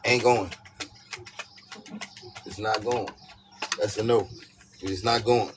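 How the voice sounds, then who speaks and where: A man with a lowish voice gives a casual tarot reading at a slow pace, over steady background noise and birdsong. He speaks emphatically, repeating his points and tossing in lots of "you know what I'm saying."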